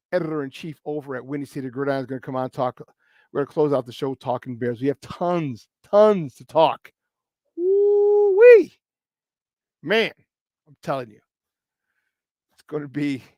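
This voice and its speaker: Male sports talk host with a Chicago accent, high voice, bouncy slang-heavy delivery, dry close sound. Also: gravelly, dry recording. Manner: energetic, playful shout-outs, slangy. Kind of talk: hyped morning sports talk.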